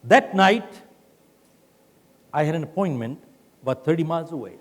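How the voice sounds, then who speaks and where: Older man, lively keynote storyteller, big hall echo. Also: fairly high pitch, normal speed. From India. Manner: animated storytelling with acted quotes. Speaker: keynote speaker. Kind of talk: motivational keynote speech. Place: large conference hall. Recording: long hall reverb.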